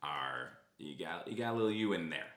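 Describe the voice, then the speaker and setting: A man's voice: deep voice, lively intonation, brisk, a bit bright, reverberant. A man co-hosting a podcast in casual chat, easygoing and a bit rambling. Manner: easygoing, rambling, many fillers and restarts. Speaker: podcast co-host.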